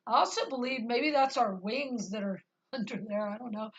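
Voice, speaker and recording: A woman's voice: a little high, moderate pace, muffled recording. A woman talking to her camera and sharing her spiritual experiences in an earnest, rambling way, with many fillers. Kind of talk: casual spoken testimony.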